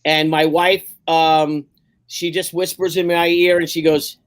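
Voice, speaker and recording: A man's voice: a little high, flat delivery, unhurried. A man on a video call eagerly telling a heartfelt personal story in an earnest way. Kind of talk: casual video call chat.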